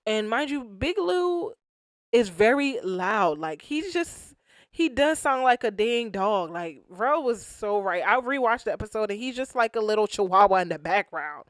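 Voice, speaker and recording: A woman recaps a reality show in loose, slangy talk and acts out the quotes with plenty of energy. Her voice sits at a middle pitch, and the room around her is dry and close. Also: big pitch swings, moderate pace, no room sound. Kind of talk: casual recap commentary.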